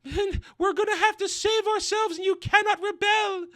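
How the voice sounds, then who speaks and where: Guy doing a shrill falsetto queen, all flustered and dramatic, stammers, bright and tense. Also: steady tone, normal speed. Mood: melodramatic. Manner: stammering, melodramatic parody. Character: flustered dramatic queen, high-strung and flirty. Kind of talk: mocking impression.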